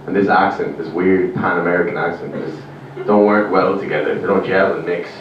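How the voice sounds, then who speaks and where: Irish comic with a lively, low voice. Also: male voice, brisk, muffled recording, slight background noise. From Ireland. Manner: rambling, deadpan, swearing. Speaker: stand-up comedian. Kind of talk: stand-up comedy. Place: comedy club stage. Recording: echoey club room, mic far off.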